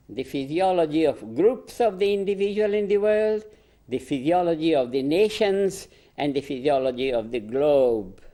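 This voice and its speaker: An older Indian man delivers a proclamatory address, slow and deliberate. His voice sits a little high for a man, and he presses on key phrases, repeating them and breaking into short laughs. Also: warm tone. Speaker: spiritual teacher.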